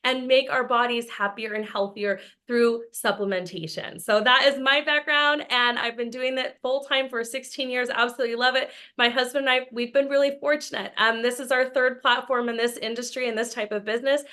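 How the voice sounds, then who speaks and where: A woman's voice: a little high, fairly even intonation, fairly quick, hardly any pauses, pushed and bright. A woman from Austin, Texas, in her thirties, giving an enthusiastic, chatty sales presentation over a video call and laughing often. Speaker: business presenter.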